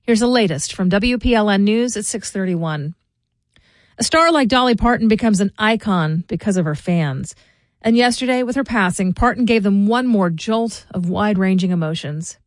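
A woman reads the morning local news on radio. Her delivery is measured and clear, at a middle pitch. The studio sound is dry and close. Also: expressive, no room sound. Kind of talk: radio newscast. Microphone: studio mic.

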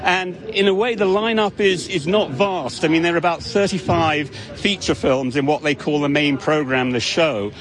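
A man's voice: on the high side, normal speed, few pauses, fairly bright tone. A male film critic speaking casually on location, chatty, with restarts and asides.

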